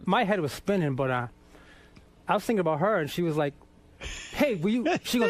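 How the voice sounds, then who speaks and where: High-voiced profane man telling stories. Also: brisk, pauses often. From Boston. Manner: profane, animated anecdote-telling with laughter. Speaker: guest. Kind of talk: casual storytelling interview.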